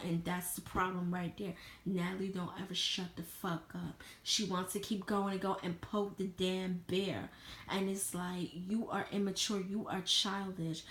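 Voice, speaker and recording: Blunt, swearing woman in an echoey room. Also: mid-range voice. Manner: blunt, heated, swears freely. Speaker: vlogger reviewing a reality show. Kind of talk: casual opinionated review.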